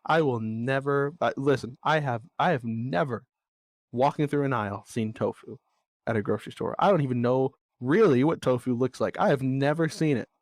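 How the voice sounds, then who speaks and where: A man's voice: medium pitch, normal speed, darkish tone. A young man talks candidly into the mic in a blunt, exasperated way, cursing often as he vents. His voice sits in an ordinary middle range. The sound is dry and close, with no room echo. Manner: blunt, swears freely, exasperated venting. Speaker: podcast host. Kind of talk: candid monologue.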